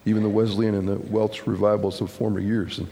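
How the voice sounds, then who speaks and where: A man preaching a sermon as pastor, talking in a folksy, halting way with fillers and restarts, to a congregation. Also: on the low side, little pitch movement, vocal fry, mellow. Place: church sanctuary. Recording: long church hall reverb with congregation.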